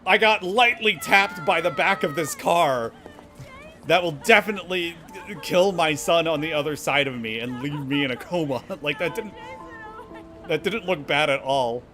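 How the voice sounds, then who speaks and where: A man's voice: on the high side, animated, moderate pace, bright, forceful tone. Sarcastic man streaming a game. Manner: sarcastic, laughing, swearing. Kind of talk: critical live gameplay commentary.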